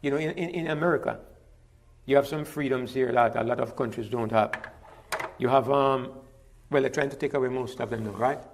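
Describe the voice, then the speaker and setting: A man's voice: medium pitch, fairly quick, slight background noise. A middle-aged man from Jamaica, talking in a conversational monologue, emphatic and repeating words as he builds a point. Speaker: interviewee.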